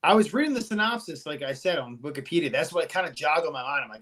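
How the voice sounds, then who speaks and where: A man hosting a podcast, retelling an episode in casual chat with an animated, profane, storytelling manner. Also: fairly high pitch, fast talker. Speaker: podcast host.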